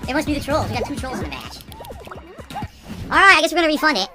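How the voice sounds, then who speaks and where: High-pitched, fast woman game streamer who yelps and swears, over clear music. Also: animated. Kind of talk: live gameplay streaming.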